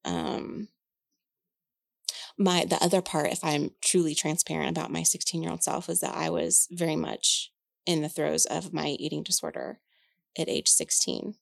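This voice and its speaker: A woman's voice: deep voice, animated, moderate pace, creaky, no echo. Woman in her forties, podcast co-host, frank and candid, casual chat, dry close sound. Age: 40s. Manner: candid, frank, swears freely, many fillers.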